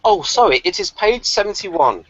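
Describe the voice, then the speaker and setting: Animated man on a lo-fi call. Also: high voice, normal speed, breathy edge. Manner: lively, animated, laughs often. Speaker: discussion host. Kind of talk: casual online group discussion. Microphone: video call. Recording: dull lo-fi call audio.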